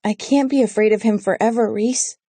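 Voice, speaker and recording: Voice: medium pitch, steady tone, a little fast, mellow, no echo, voice pushed up, close to an everyday voice. An audiobook narrator voicing a spirited, stubborn young woman who speaks in a pleading, insistent way. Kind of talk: audiobook character voice.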